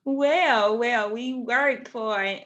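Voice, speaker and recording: A woman's voice: on the high side, drawn-out words, fairly bright tone, lo-fi sound. A woman from Mississippi, a psychologist guest on a podcast, hesitant with fillers. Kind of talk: podcast interview.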